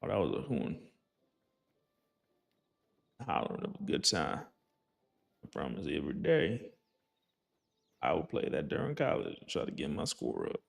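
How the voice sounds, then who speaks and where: A man's voice: extremely low pitch, wildly swooping pitch, normal speed, vocal fry, long pauses. A young man casually commenting on his gameplay, rambling and joking, sometimes slipping into a put-on folksy accent. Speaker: gaming channel host.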